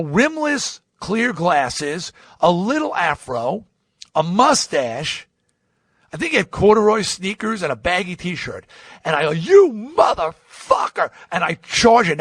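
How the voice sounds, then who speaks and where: A man from Long Island spins a rambling podcast anecdote in a fairly high voice that leaps up and down. He acts out every person in the story as he goes. The sound is close and dry, with no room behind it. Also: dry recording. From Long Island, New York. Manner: acts out quoted voices with swings in pitch and loudness; rambling, with many restarts and asides. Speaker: podcast host.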